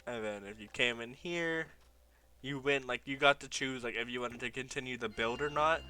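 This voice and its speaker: A man's voice: mid-range voice, measured pace, pushed and bright, faint music behind. A young man giving casual commentary over old gameplay, nostalgic and laughing often as he reads his old signs aloud. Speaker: gaming YouTuber.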